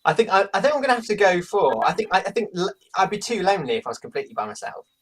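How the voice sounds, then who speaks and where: A man's voice: sits high, sing-song, racing. A man guesting on a casual podcast, laughing often and telling stories with animation.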